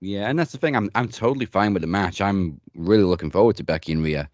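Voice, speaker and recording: Deep guy hosting a wrestling chat, blunt, swears, dry sound. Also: quick pace, darkish tone, no room sound, lo-fi sound. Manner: blunt, joking, swears freely. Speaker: podcast host.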